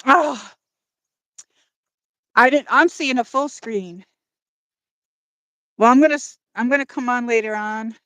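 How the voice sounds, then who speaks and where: A woman's voice: a little high, unhurried, long pauses, a bit bright, clean tone, dry recording. Breathless woman chatting on a dusk walk. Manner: rambling, apologetic, talks to chat. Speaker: livestream host. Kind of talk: casual livestream chat while walking. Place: outdoors by a lake at dusk. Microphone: phone on a gimbal.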